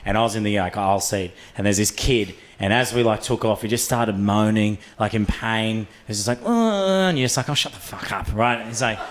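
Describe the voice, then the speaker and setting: A young Australian man performing a stand-up routine on a comedy club stage, telling stories in a crude, animated way full of swearing. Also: fairly low pitch, brisk, hardly any pauses.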